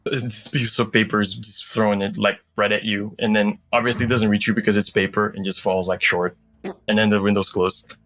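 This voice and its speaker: A man's voice: lowish voice, little pitch movement, a little fast, a bit bright. A man narrating as game master in a casual, rambling way with many fillers.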